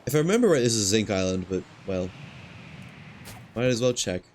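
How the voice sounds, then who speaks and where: A man streaming a game, talking to himself in a relaxed, muttering way while he plays, with hiccups. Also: lowish voice, brisk. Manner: muttering to himself, laid-back. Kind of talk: casual gameplay commentary. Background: game ambience and engine noise.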